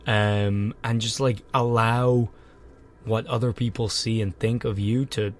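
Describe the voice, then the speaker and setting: A man's voice: fairly low pitch, level tone, a little slow. A young man co-hosting a podcast in casual chat, joking and swearing as he hands out blunt advice. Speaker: podcast co-host.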